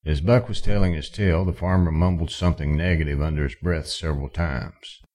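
A male audiobook narrator reads a western in a calm, even pace. His voice sits extremely low. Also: a little fast. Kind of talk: scripted narration.

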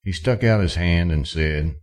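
A male audiobook narrator reads a western in a calm, even pace. His voice sits extremely low. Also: measured pace. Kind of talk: scripted narration.

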